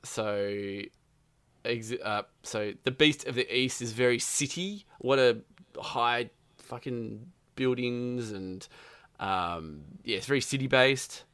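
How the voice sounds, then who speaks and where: A man's voice: mid-range voice, slow pace, fairly bright tone, clear, resonant tone, dry recording. A man chatting casually about a video game, rambling and swearing, with lots of fillers. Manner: rambling, profane, full of fillers.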